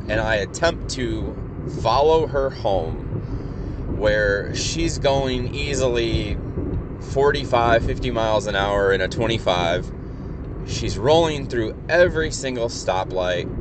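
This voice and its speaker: Joven malhablado contando una anécdota. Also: male voice, lowish voice, lively intonation, a little slow, background noise. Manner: rambling, profane, wry. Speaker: storyteller. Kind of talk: casual anecdote.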